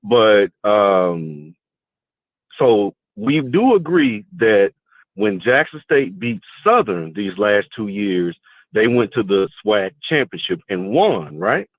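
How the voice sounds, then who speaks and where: A man phones in to a sports show and walks his point through with leading questions. He speaks slowly, his pitch rising and falling a lot. The line is tinny and dry, like a phone call. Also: sing-song, dry recording. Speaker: caller. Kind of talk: call-in debate.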